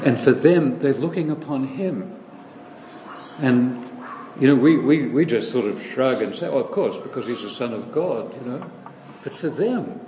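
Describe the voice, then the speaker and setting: A man preaches in a large, echoing hall, his voice carrying a long reverb. He speaks slowly and deliberately, circling back to repeat key phrases, with a faint hum of the room behind him. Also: mid-range voice, darkish tone. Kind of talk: sermon. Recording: echoey hall, slightly distant, faint room noise.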